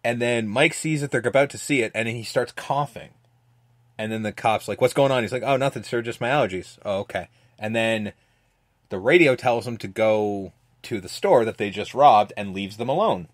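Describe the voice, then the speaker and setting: Animated man recapping a movie, dry sound. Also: fairly low pitch, no room sound. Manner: animated, swearing, acts out movie lines in quick voices. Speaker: podcast host. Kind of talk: casual movie recap chat.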